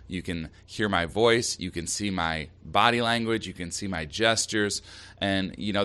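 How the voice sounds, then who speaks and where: A man's voice: sits low, bright, forceful tone. A man hosting a solo marketing podcast, giving upbeat, direct advice with emphasis. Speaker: podcast host.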